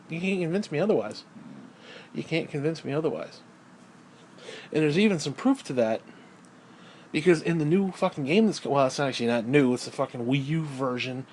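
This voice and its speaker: A man's voice: mid-range voice, a little hiss or hum. A man delivering a crude, heated monologue, swearing constantly and repeating phrases for emphasis. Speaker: video creator. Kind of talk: profane ranting monologue.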